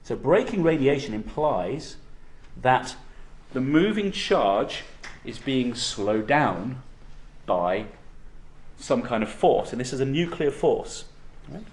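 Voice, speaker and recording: A man's voice: mid-range voice, big pitch swings, takes it slowly. A man lecturing on physics to university students, explaining step by step and often checking in with "okay?".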